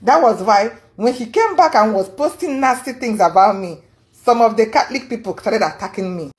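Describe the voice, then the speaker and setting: A woman's voice: on the high side, expressive, moderate pace. A woman telling a long personal story in a casual monologue. She is earnest and aggrieved, and often repeats and restarts words as she goes. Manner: rambling, repeats and restarts words while recounting events. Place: lives in the United States.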